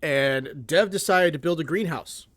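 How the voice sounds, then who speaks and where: A man co-hosting a casual gaming podcast, telling stories in an animated way with frequent restarts. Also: a little high, a little slow, dry recording. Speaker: co-host.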